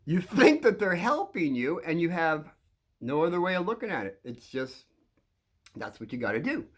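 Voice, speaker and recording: Older male host, rambling storyteller, halting delivery, frequent chuckles. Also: on the high side, very animated, slightly rough. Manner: halting, repeats words, chuckles often. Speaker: channel host telling stories.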